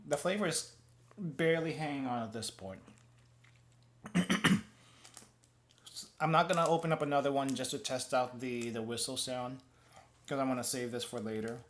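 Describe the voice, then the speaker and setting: A man streaming as a VTuber, chatting casually while tasting snacks. He rambles, restarts his phrases, and talks around a mouthful of gum. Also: medium pitch. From United States. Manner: rambling and self-correcting, often restarts phrases.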